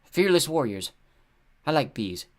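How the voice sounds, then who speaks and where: A man's voice: fairly high pitch, sing-song, a little slow, voice pushed up. A man voicing a haughty, paranoid female huntress goddess who speaks scornfully and bluntly. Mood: fierce.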